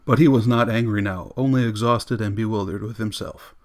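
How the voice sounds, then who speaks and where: A man narrating an audiobook in a steady, measured reading. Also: on the low side. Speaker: audiobook reader.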